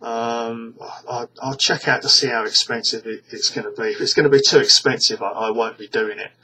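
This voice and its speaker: A British vlogger rants to his viewers in a casual, rambling monologue, scornful and exasperated, stumbling through frequent restarts. His mid-range voice is fairly quick, bright and forceful with fairly even intonation, and the poor recording carries a little hiss or hum.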